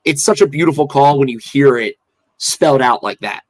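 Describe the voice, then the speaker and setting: A man co-hosts a casual podcast chat at a mid pitch. He rambles, restarts his thoughts and leans hard on filler words. His voice is plain and easygoing. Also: lively intonation, normal speed, low-quality recording. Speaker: podcast co-host.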